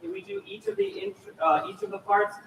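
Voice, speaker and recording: Man, choir clinician, high voice, demonstrates vocal sounds, encouraging, echoey hall, far from mic, noisy. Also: very animated, fairly quick, creaky, fairly bright tone. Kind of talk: choir rehearsal instruction.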